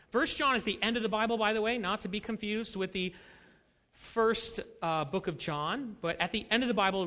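A man's voice: sits high, sharp tone, big-room sound. A man preaching as a pastor, asking rhetorical questions and building to emphatic lines. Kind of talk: sermon.

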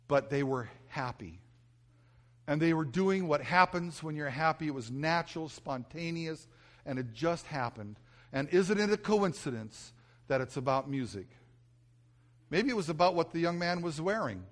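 A man's voice: on the high side, animated, a little slow, long pauses. A middle-aged male pastor preaching a sermon, telling stories about himself and mocking himself as he goes. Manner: storytelling, self-mocking, acts out his own yelling.

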